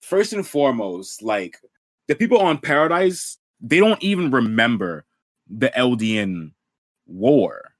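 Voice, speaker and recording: A man's voice: medium pitch, very animated, measured pace, no room sound. A man co-hosting a podcast, chatting casually and profanely about an anime, full of slang and "bro". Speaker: podcast co-host.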